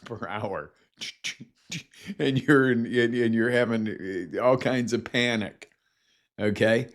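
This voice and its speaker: A man's voice: medium pitch, slow, pauses often. A man, a life coach, giving a motivational talk and acting out scenes in quoted voices.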